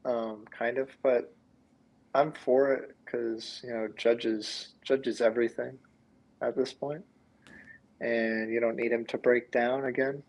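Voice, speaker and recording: A man's voice: medium pitch, flat delivery, measured pace, rough recording. A man co-hosting a casual sports podcast, laid-back, giving short replies padded with fillers. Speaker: podcast co-host.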